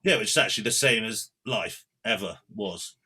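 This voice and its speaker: A man's voice: lowish voice, moderate pace, sharp tone, husky. A man hosting a podcast, bantering and swearing casually. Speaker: podcast host.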